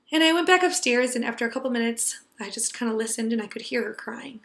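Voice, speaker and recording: A young woman telling an earnest personal story to a class, tender and sometimes dropping to a hush. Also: a little high, fast talker, hardly any pauses, roomy sound. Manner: earnest, tender, drops to a hush for quiet moments.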